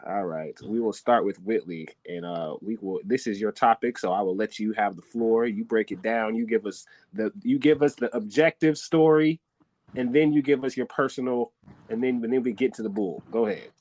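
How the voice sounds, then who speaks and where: A man hosting a podcast from a studio, talking loud and hyped in casual chat and swearing freely. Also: fairly low pitch, moderate pace. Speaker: podcast host. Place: recording studio.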